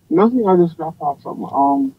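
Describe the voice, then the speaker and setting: A man voicing a curt, bossy woman friend who tells him to calm down. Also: on the high side, slow, slightly rough, far from the mic, muffled recording, pitched below the performer's own voice, heavily acted. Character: bossy sassy woman friend Carrie, unimpressed.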